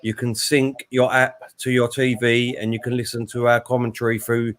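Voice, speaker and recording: A man hosting a live watchalong, giving relaxed play-by-play with fillers and asides. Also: medium pitch, moderate pace. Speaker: host and fight commentator. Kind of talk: casual live watchalong commentary.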